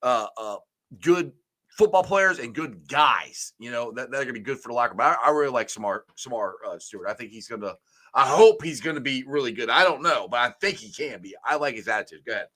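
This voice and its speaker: A man hosts a casual sports talk show, and his voice has a bright, forceful edge. He rambles comfortably through his opinions and often lets his sentences fade out. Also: medium pitch, expressive, fast. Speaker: sports podcast host.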